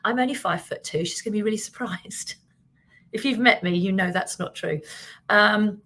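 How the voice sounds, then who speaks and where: A British woman with a British accent, hosting a casual live stream as a business coach, chatting quickly and animatedly and reading out viewer comments. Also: medium pitch, slight background noise. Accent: British English. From Britain. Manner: fast-talking, animated, chatty and self-mocking.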